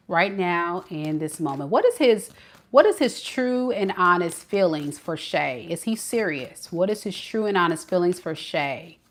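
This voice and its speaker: A woman giving a live tarot reading, talking in an animated, casual and slangy way. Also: on the low side. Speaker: tarot reader.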